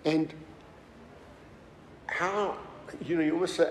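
A man preaching a sermon as pastor, talking in a conversational, animated way with many asides. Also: fairly high pitch, unhurried, a little hiss or hum. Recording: roomy hall reverb, faint ambience.

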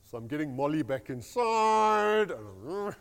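A man giving a rambling, animated devotional talk as a pastor. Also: a little high, slow, clean tone, long reverb tail. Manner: animated storytelling, rambling restarts.

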